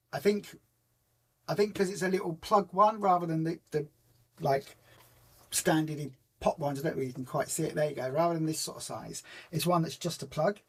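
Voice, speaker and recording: A woman hosting a casual live stream for her weight loss group, rambling through stories and answering viewer comments. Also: low voice. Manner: rambling, chatty storyteller who retells conversations in reported speech; homely and informal, many ums and restarts.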